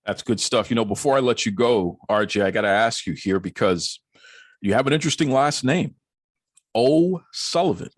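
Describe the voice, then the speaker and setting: Male podcast host, playful and teasing; animated pitch, dry close sound. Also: normal speed, no echo. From Boston area. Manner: jokey, teasing, laughs often. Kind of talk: casual podcast chat.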